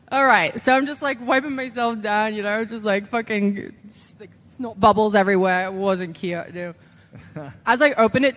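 A young woman speaks as a podcast guest in an easy, mid-pitched voice. She tells her stories in a loose, animated way, acting out quotes and swearing freely. It feels like a casual, lively chat. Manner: animated storyteller, acts out quotes, swears, laughs often. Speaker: podcast guest, pro wrestler.

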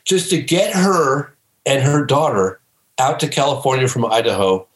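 A man who is a filmmaker guest on a podcast, telling stories emphatically and breaking into excited shouts. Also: medium pitch, normal speed, reverberant, poor audio. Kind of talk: animated storytelling in a podcast interview.

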